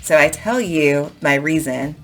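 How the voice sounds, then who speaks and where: A woman's voice: low voice, a little slow, music in the background. A woman teaching English, explaining and emphatically modelling phrases to show intonation. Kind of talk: explaining to camera in a lesson.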